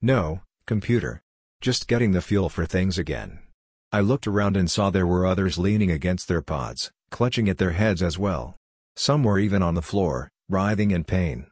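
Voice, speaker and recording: Deep-voiced male story narrator. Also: slightly rough, no echo, clean studio sound. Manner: measured, steady reading. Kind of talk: scripted first-person story narration.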